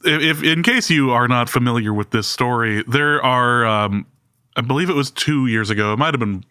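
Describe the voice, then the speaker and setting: A man co-hosts a podcast in a bright voice with a dry, teasing delivery. He often hesitates, and the recording is close and dead, with no room sound. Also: mid-range voice, moderate pace, smooth, no room sound. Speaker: podcast co-host. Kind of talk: casual podcast chat.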